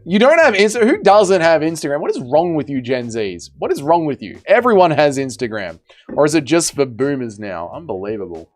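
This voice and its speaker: A man's voice: on the high side, big pitch swings, fairly quick. A man hosting a livestream, casually reading out chat with blunt, swearing jokes. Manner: joking, blunt, swears, trails off quietly. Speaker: livestream host.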